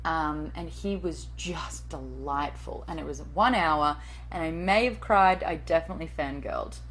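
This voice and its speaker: A woman's voice: sits low, moderate pace, fairly bright tone, a little hiss or hum, poor audio. A woman in her late thirties, a TV and radio host and voice-over artist, answering interview questions in a chatty, self-deprecating way with the odd swear word.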